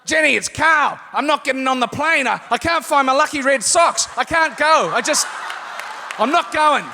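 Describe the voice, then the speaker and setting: A man's voice: moderate pace, crowd noise. A man putting on a frantic, whiny panicking man. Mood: panicky. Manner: high-pitched, shouting, panicky pleading. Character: frantic whiny grown man refusing to fly. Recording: echoey convention hall, faint noise.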